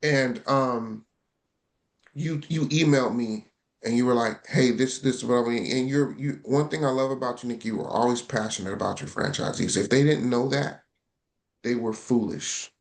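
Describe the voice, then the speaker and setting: A man on a podcast as a guest, speaking frankly and telling lively stories, often repeating himself to drive a point home. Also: mid-range voice, normal speed, creaky. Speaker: guest, consulting founder. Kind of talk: casual podcast conversation.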